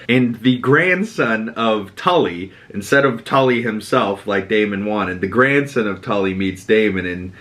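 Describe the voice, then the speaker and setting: A man with a Boston accent recapping a TV episode as a podcast host, animated and sweary, acting out characters' lines. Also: a little slow, few pauses. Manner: animated, quotes characters with dramatic pitch jumps and swearing. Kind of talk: casual recap monologue.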